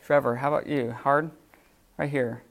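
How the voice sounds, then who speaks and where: A man teaching a Greek class in a classroom, in an informal, halting manner with many fillers. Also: mid-range voice, vocal fry. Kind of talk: classroom lecture.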